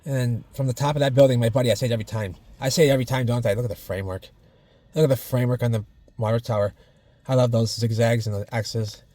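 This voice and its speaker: A chatty man rambles through a casual outdoor vlog beside old brick mills, speaking at an average pitch. He talks in a folksy way, circling back to the same phrases. His voice is caught on a handheld camera out in the winter air. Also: steady tone, fast talker, mellow. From Minnesota. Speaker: vlogger exploring old buildings.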